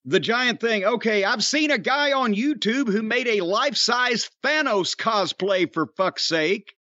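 A man hosting a podcast, gruff and profane, trading wisecracks in casual banter. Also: high-pitched, bright, forceful tone, no room sound. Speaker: podcast host. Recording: dry, dull lo-fi sound.

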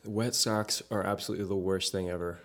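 A young man in a casual chat, easygoing and thinking his answers through out loud. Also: low-pitched, steady tone, brisk.

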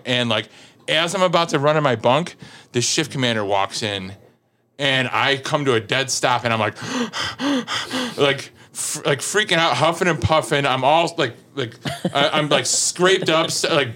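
A man in his thirties telling a long anecdote in casual chat, laughing often and saying "like" a lot. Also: fairly high pitch. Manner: animated storyteller, laughs often, many "like" fillers. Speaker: podcast guest.

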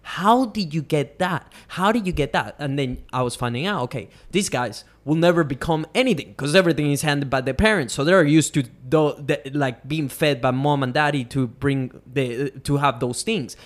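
A man hosting a podcast, speaking in a soft, reflective way in casual conversation. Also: medium pitch, normal speed, hardly any pauses. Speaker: podcast host.

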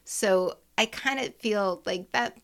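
A woman co-hosting a casual sports podcast, telling stories in a chatty, animated way. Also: mid-range voice, takes it slowly. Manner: chatty, animated storytelling with frequent "like" and laughs. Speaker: podcast co-host.

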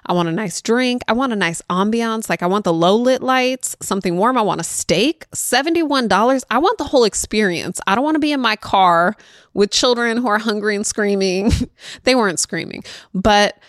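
A woman's voice: medium pitch, lively intonation, moderate pace, no room sound, clean studio sound. A woman in her thirties hosting a parenting podcast, talking in a chatty way, laughing often and dropping in a lot of "like.". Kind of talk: casual chat.

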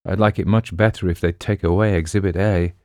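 A man's voice: low voice, fairly even intonation, fairly quick, darkish tone, dry recording, studio quality, natural voice. A man voicing a polite, curious young woman with a prim way of speaking.

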